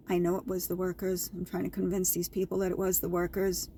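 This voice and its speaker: Lower-voiced woman telling an indignant story. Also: monotone, fast talker, few pauses, warm tone, slight background noise. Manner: chatty, repetitive, indignant retelling. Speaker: vlogger. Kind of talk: casual storytelling to viewers.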